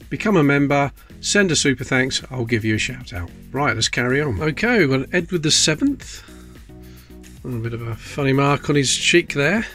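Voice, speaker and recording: Bright and on the high side, the man's voice runs through casual talk as he sorts pennies for his coin channel. He jokes at his own expense and mumbles to himself while inspecting each coin up close.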